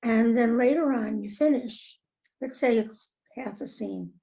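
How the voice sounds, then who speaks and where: Older woman, comedy writer, slow-paced, slightly high voice, lively anecdotes. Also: gravelly, rough recording. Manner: animated, acts out quoted voices, laughs often. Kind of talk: conversational storytelling.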